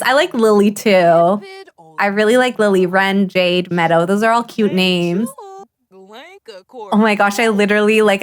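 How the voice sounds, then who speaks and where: A woman streamer giving casual live gameplay commentary, excitable and gushing, often gasping and laughing. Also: mid-range voice.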